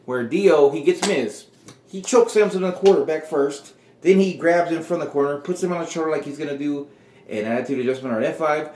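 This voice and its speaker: A man hosts a video and tells a story in a loose, rambling way. His delivery is casual and animated. A roomy echo sits on the voice. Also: medium pitch, slight background noise. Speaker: video host. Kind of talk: casual fantasy-booking storytelling.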